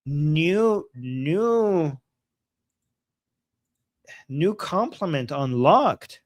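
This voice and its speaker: A man hosting a casual livestream, reading viewer chat and reacting heatedly to clips, swearing freely and swinging from soft asides to loud outbursts. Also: a little high, expressive, unhurried, no room sound, studio quality. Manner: reads viewer chat aloud.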